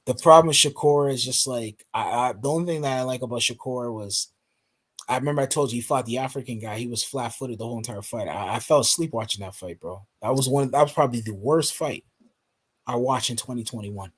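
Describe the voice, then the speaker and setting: A laid-back man talks on a casual online panel, tossing in "bro" and "man" every few words. His voice is husky and a bit breathy. His pitch sits in a plain middle range. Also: fairly quick. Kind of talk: casual podcast chat.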